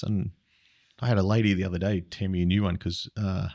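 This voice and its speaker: A man with an Australian accent, a restaurant owner and podcast guest, telling animated stories in a casual chat, acting out what people said and swearing freely. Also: low-pitched, brisk, no echo, clean studio sound. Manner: animated anecdotes with acted-out quotes, swears freely.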